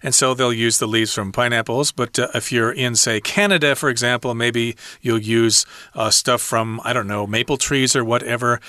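A man's voice: mid-range voice, fairly even intonation, moderate pace, hardly any pauses, bright, forceful tone, dry recording. A man teaching English, reading a passage aloud and then explaining it in plain words in a casual lesson. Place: lives in Taiwan.

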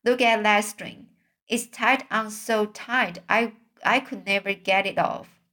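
A woman reads the part of a small, fussy mouse boy from a storybook, proud and heartbroken. The lines come slowly, at a relaxed, unhurried pace, in a plain reading voice with no dramatic acting. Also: medium pitch. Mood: despairing. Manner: read aloud plainly in her own voice.

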